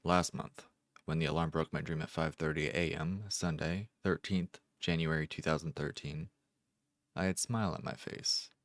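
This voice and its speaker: A man narrates a first-person short story in a very deep voice. He reads at a measured, deliberate pace with careful pauses, recorded close and dry. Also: steady tone, no echo. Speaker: amateur narrator.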